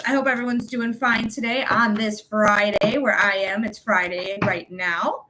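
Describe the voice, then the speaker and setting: A woman's voice: medium pitch, unhurried, few pauses, background noise. A woman psychic reader hosting a live stream, chatting casually and welcoming viewers by name over and over. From United States.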